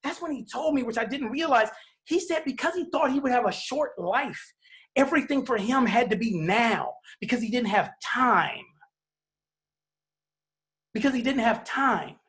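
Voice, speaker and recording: A middle-aged man giving an emotional personal testimony about being a father, talking in a heartfelt, halting way with many restarts and repeated phrases. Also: very high voice, animated, fairly bright tone.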